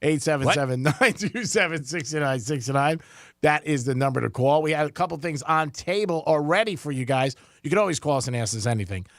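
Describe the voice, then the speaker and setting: Bright-voiced male radio co-host. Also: on the high side, animated, a little fast, no echo, clean studio sound. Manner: easygoing, hesitant with fillers. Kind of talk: casual radio chat. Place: radio studio. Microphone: studio microphone.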